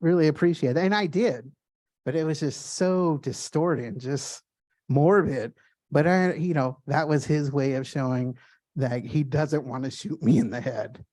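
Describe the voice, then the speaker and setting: A man giving a casual gallery art talk, telling stories in excited, quick bursts with lots of fillers and restarts. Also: mid-range voice, dry recording, studio quality. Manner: animated storyteller with many fillers and restarts.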